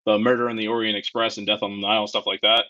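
Upbeat, opinionated male co-host with a bright, edgy tone, muffled lo-fi sound. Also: fairly low pitch, little pitch movement. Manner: upbeat, opinionated, quick bursts of talk. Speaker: podcast co-host. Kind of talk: casual movie review chat. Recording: dull lo-fi sound.

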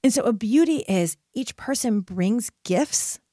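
A woman's voice: on the high side, lively intonation, measured pace, mellow, no echo, clean studio sound. A woman podcast host and life coach telling a personal story in an earnest, emphatic way, often checking in with "right?".

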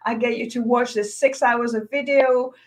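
A woman's voice: fairly high pitch, fairly even intonation, normal speed. A woman, an author and course creator, talking enthusiastically and emphatically with many "you know"s in an online interview.

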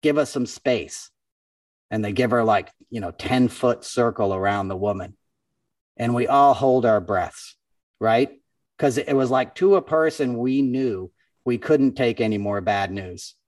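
A man's voice: mid-range voice, unhurried, no echo, recorded from a distance. A man and comedian guest telling a story in casual conversation, acting out other people's voices as he goes. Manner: animated, acts out other people's voices in stories. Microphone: podcast microphone.

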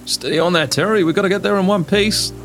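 Brief: man as fussy stammering teacher, lively pitch. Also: moderate pace, faint music behind. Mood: urgent. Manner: flustered, stammering. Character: fussy male schoolteacher, flustered, mercenary.

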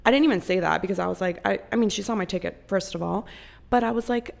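A young woman with a gravelly, fry-laden voice tells a story on her podcast in loose, casual chat. She talks with profane, animated energy and often slips into acted-out voices of the people she is describing. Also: medium pitch, fast. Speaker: podcast host.

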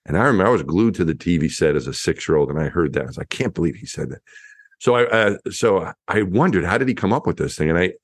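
A man in his fifties, a former astronaut, telling lively anecdotes as an interview guest, often restarting his sentences. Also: low voice, quick pace, hardly any pauses, no echo, studio quality. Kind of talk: storytelling interview.

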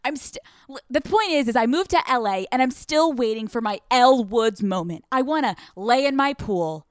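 A woman's voice: fairly high pitch, expressive, normal speed, no echo, clean studio sound. A young woman from Pennsylvania hosting a podcast, rambling through a crude comedic monologue, swearing freely and laughing often. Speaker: podcast host.

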